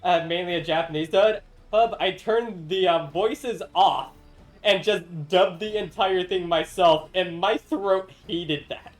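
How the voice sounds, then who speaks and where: A man's voice: high-pitched, lively intonation, takes it slowly, soft background music, rough recording. A man streaming a game, chatting casually with a friend and laughing often between rambling asides. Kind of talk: casual gameplay chat.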